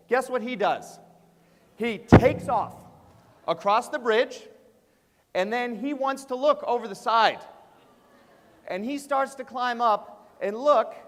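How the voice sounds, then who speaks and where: A man in his thirties telling a family story to an audience of teachers in an animated way, with many "uh"s and "right?"s. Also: high-pitched. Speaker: education speaker and author. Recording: long reverb of a large hall.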